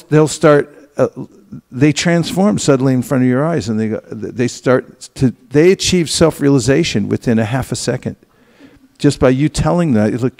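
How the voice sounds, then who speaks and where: A man's voice: on the high side, warm tone. A man teaching a devotional class, often acting out short quoted exchanges and asking the audience to respond. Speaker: teacher of book distribution. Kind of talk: class talk.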